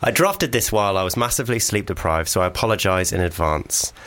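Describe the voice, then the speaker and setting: A man co-hosting a comedy podcast, chatting casually with playful deadpan comebacks. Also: low voice, fast talker. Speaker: podcast co-host.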